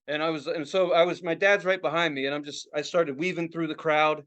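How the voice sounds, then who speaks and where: A man co-hosting a podcast, telling a story in casual, excitable, profane chat. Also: a little high, brisk, few pauses, muffled recording. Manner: profane, excitable, acts out other people's reactions. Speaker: podcast co-host.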